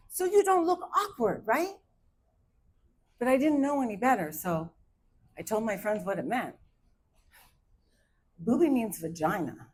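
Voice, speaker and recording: Woman in her 50s doing stand-up, hyper and bouncy, voice sits a bit high. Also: measured pace, pauses often, a little hiss or hum, low-quality recording. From Arizona, USA. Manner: hyper, animated storytelling. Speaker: stand-up comedian. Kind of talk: stand-up comedy set.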